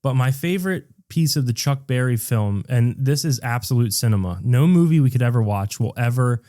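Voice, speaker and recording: Man with a mellow voice, chatting crudely. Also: mid-range voice, animated, a little fast, no room sound, studio quality. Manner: crude storytelling, quoting people in voices. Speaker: podcast co-host. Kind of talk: casual comedic chat.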